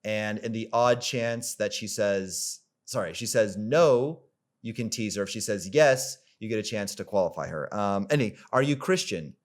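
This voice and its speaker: A man's voice: fairly low pitch, normal speed. A man coaching on dating in a rambling, casual way, full of fillers and the odd swear word. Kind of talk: casual coaching monologue to camera.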